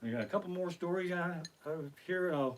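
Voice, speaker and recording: Using a basic home streaming mic, a middle-aged stand-up comedian tells profane stories on a living-room live stream, speaking a little fast in a high-pitched voice. He's animated and performs the other people's lines himself.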